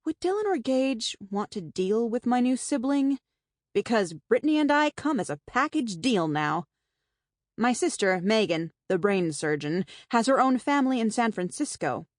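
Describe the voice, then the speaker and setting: With a fairly high pitch, a woman narrates a first-person novel in a wry, conversational voice. It's audiobook narration on a close studio mic, free of room sound.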